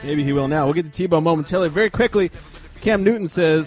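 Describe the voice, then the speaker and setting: A man's voice: a little high, fast, a little mellow, faint music behind. A man hosting a casual sports talk podcast, running through news items with dry, joking asides.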